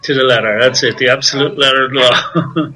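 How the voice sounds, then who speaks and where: A man's voice: mid-range voice, steady tone, brisk. A man speaking as a guest over a video call, easygoing and laughing as he explains. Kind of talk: casual interview chat. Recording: faint background noise.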